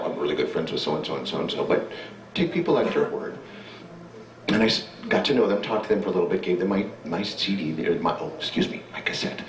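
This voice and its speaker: An older man telling a nostalgic story to a live audience from a theater stage. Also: low-pitched. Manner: nostalgic, reminiscing. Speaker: stage performer. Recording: roomy hall, distant mic, faint noise.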